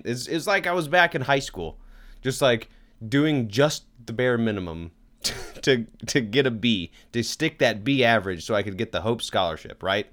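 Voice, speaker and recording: A man's voice: mid-range voice, a bit bright. A man co-hosting a podcast in casual chat, rambling and self-deprecating. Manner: rambling, self-deprecating, tries joke accents. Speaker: podcast co-host.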